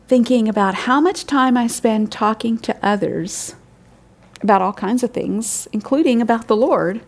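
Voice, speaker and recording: An older woman with a crackly voice, giving earnest devotional Bible teaching and lifting her voice on words she stresses. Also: darkish tone. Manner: earnest, wondering, pitch rising for emphasis.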